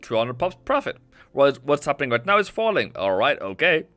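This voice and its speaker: Bright, crisp-voiced man chatting about markets. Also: mid-range voice, big pitch swings, brisk, no room sound. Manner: rambling, thinks aloud while charting, reads chat. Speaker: forex trading livestream host. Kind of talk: casual live market commentary. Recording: dry close sound with faint music. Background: faint background music.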